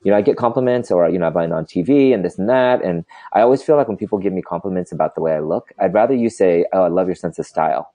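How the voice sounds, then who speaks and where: Deep-voiced man chatting candidly. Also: lively intonation, fast, hardly any pauses, warm tone. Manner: candid, rambling, heavy use of "you know". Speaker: podcast host. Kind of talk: casual interview chat.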